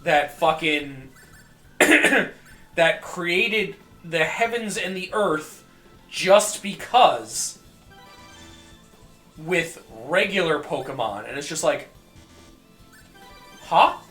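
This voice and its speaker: A man streaming a video game, rambling and joking with profanity, often coughing and clearing his throat. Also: a little high, expressive, drawn-out words, pauses often, bright, forceful tone, reverberant, soft background music. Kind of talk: casual gameplay commentary.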